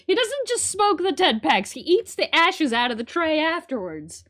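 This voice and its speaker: Fast-talking, animated woman streamer. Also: high-pitched. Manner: fast-talking, joking, swears freely. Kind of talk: casual live-stream reading of a visual novel.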